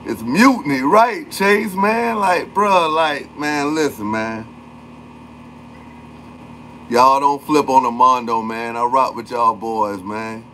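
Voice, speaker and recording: A man hosts a livestream in casual chat, speaking slowly at a medium pitch with a sharp tone. He talks in loose slang and greets viewers by name, with a little hiss or hum in the background.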